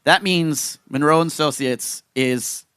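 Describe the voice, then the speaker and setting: A man's voice: on the high side, a little slow, a bit bright, smooth, no room sound. A man interviewing an expert, asking casual, rambling questions.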